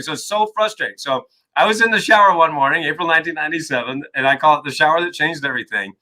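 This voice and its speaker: Bright-voiced man, emphatic and animated. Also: a little high, fast talker, poor audio. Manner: emphatic, repeats "right?" often. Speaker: guest author and coach. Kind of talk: energetic interview talk.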